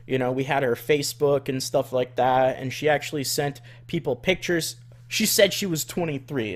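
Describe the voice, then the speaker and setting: A man, a gaming streamer, telling a story in a vlog, animated and exasperated, swearing a lot. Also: mid-range voice.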